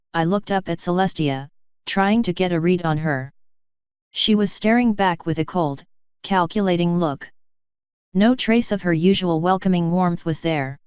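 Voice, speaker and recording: Woman narrator, fan fiction audiobook, very smooth, lowish voice, dry dull lo-fi sound. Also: darkish tone, no echo.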